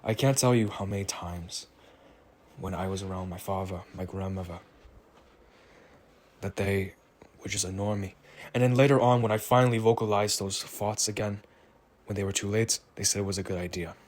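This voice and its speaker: A tired man talking slowly in a rambling, reflective solo monologue. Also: on the low side, fairly even intonation, darkish tone. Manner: slow, rambling, musing. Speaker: vlogger.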